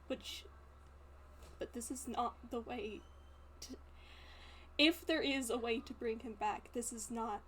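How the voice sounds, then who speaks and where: A woman voicing an experienced, sympathetic young man with a rapier, speaking in a soft, grave, hushed voice. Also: a little high, slight background noise.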